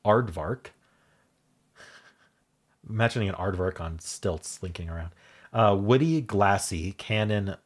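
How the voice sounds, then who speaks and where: A man's voice: lowish voice, breathy edge. A man hosting a puzzle video, thinking aloud in a casual, unsure way as he works through a word game. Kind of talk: casual solo puzzle commentary.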